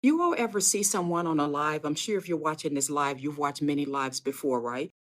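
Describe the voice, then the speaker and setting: A woman's voice: deep voice, fairly quick. A woman giving a live inspirational sermon on her podcast, speaking earnestly and directly to her listeners with repeated phrases and fervent emphasis. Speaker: podcast host and faith speaker.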